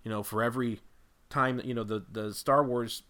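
A man speaking as a guest on a podcast, thinking out loud with lots of fillers and restarts. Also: medium pitch, fairly even intonation, moderate pace. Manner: rambling, thinking aloud with many fillers. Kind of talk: casual podcast discussion.

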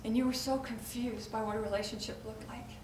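A gentle, consoling Jesus, often hushed to a whisper, voiced by a woman preacher. The high voice rings in an echoey room, picked up from a distance with faint ambience behind. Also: fairly even intonation, a little fast, noisy background, natural voice. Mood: tender hushed.

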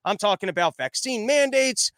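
A young man with a high voice hosts a podcast, speaking at normal speed on a dry recording. He tells a rambling, comic story in an animated way, acting out the voices of the people he quotes.

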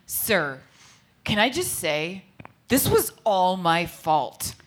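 A woman's voice: on the low side, very animated, takes it slowly, heavily acted. A woman reading the part of an oblivious, cocky teenage boy in a comedic table read, cheerful and clueless. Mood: cheerfully oblivious.

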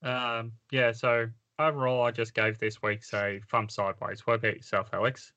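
Man, podcast co-host, dry wry quips, casual chat, mid pitch, dull lo-fi audio. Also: level tone, normal speed, pushed and bright. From Australia.

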